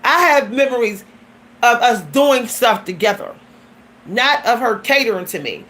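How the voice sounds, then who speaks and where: A woman's voice: on the high side, expressive, measured pace, fairly bright tone, slight background noise. A woman vlogger giving a blunt, emphatic personal monologue that often turns preachy.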